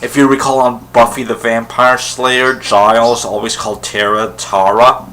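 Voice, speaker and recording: A male vlogger talks casually to camera in his own solo video, rambling enthusiastically about something he's a fan of, with plenty of fillers and restarts. His mid-range voice is bright and forceful, with a level tone and normal speed, though the recording quality is low.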